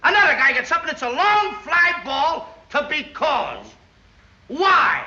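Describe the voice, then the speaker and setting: Excitable high-voiced man in old radio comedy. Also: measured pace. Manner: excitable, flustered, shouting when frustrated. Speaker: comic in a comedy double act. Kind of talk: 1940s radio comedy routine. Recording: dull, echoey old archive recording.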